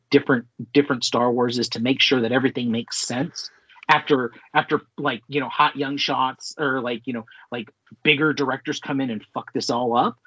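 Guy co-hosting a nerdy podcast, kinda high voice, a bit husky, rambles and swears, dry slightly dull sound. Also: no room sound. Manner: animated, rambling, swears freely. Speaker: podcast co-host. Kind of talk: casual pop-culture chat.

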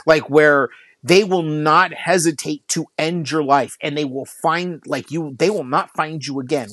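A man's voice: fairly high pitch, measured pace, a bit bright, no room sound. A man co-hosting a podcast in casual chat, ranting and swearing, peppering his speech with "like". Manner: ranting, frequent swearing and filler "like". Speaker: podcast co-host.

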